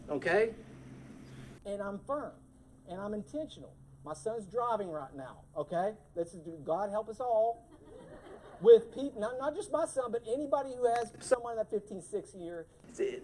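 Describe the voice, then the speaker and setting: A preacher delivering a church sermon in a lively, conversational way, acting out everyday scolding voices. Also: mid-range voice, a little hiss or hum, rough recording.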